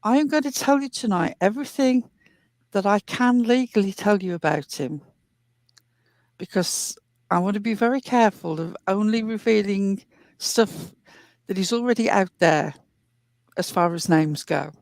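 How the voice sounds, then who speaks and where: A woman hosting a commentary show, walking through a clip in an earnest, deliberate way. Her voice sits in a middle register and sounds dry and close. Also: medium pitch, darkish tone, dry recording. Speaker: commentary host.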